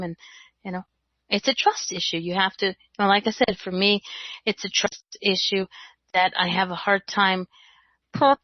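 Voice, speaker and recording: A woman's voice: mid-range voice, steady tone, moderate pace, pauses often, no room sound. A woman hosting an online panel, chatty and full of fillers. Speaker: host. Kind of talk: casual panel chat. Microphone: video call. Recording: dull online call audio.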